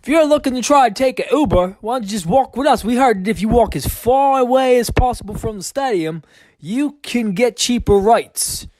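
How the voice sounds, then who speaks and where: A man's voice: very high voice, expressive, normal speed, darkish tone, dry recording, voice pushed up. A man voicing a breezy, pushy young Australian man with an Australian accent, who talks casually and keeps saying "mate". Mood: friendly. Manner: casual, bossy, says "mate".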